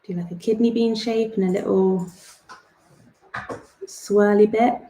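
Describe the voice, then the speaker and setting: A young woman runs an art club, drawing as she chats in a rambling, self-deprecating way and laughing at her own jokes. Her medium-pitched voice is mellow and steady, with a measured pace. The drawing tutorial is recorded in an echoey room.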